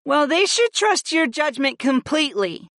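A man's voice: extremely high pitch, sing-song, moderate pace, bright, forceful tone, no room sound, clean studio sound, pitched above the performer's own voice, exaggerated voice. A man voicing a proud, doting female goddess in an audiobook, emphatic and adoring. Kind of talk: audiobook character voice.

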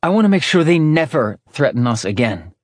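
A man's voice: on the high side, sing-song, fairly quick, no room sound, clean studio sound, voice pushed up. A man voicing an earnest young woman.

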